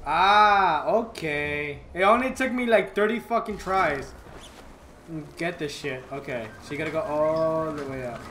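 A man's voice: on the high side, measured pace. A man giving gameplay commentary, frustrated and swearing constantly. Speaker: gamer. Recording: roomy with loud background noise.

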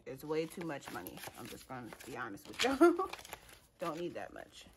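A budgeting vlogger sits at a table in a room at home, counting cash into envelopes while chatting casually with viewers, laughing often and calling them y'all. Her voice is deep with huge pitch swings at a normal speed, and background noise is audible.

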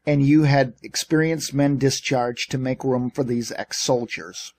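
A man's voice: mid-range voice, fairly even intonation, unhurried, darkish tone, no echo. A man voicing a sour, defiant office manager in an audiobook, complaining about his boss's choices. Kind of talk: audiobook character reading.

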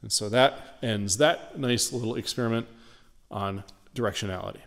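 A man teaching audio engineering, explaining microphone patterns in a steady, clear way while he walks around the mic in a large recording studio. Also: lowish voice, normal speed. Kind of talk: studio demonstration lesson. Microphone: studio condenser mic at varying distance. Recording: roomy studio reverb, voice moving off-mic.

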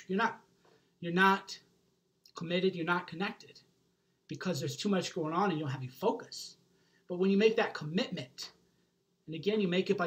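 A man's voice: high voice, fairly bright tone. A man giving an intense, emphatic motivational monologue to camera, swearing freely and checking in with his listener again and again. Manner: intense, emphatic, profane, keeps checking in with "right?". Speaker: self-help author.

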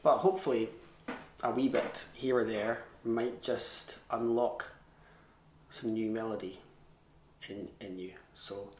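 A man with a fairly low voice teaches fiddle in an easygoing, chatty way. He is modest about his own playing and scat-sings rhythms to show them. The sound carries a fair bit of room echo. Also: fairly even intonation, slow pace, darkish tone, slight background noise. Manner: chatty and self-deprecating, with scat-sung rhythms. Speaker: fiddle tutor. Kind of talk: relaxed online music lesson. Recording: echoey room.

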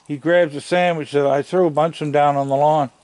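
Here the man's voice is on the high side and darkish, with fairly even intonation, and the recording is dry. He's outdoors on his deck with a handheld camera, chatting slowly and gravelly, with real fondness, to the raccoons he feeds.

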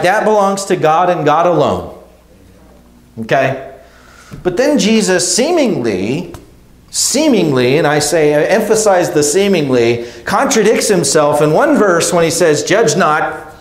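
A pastor in an echoey church delivers his sermon like a conversation. His man's voice sits slightly high, and he often stumbles, restarts his sentences and checks in with "right?" and "okay?". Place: church sanctuary.

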